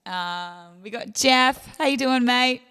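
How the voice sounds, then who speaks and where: A woman's voice: on the high side, takes it slowly, pushed and bright, clear, resonant tone, in a large hall. A young Australian woman hosting a livestream concert from home, chatting casually with viewers, greeting them by name and thanking them for tips, with plenty of fillers. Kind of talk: casual livestream chat between songs. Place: at home during lockdown.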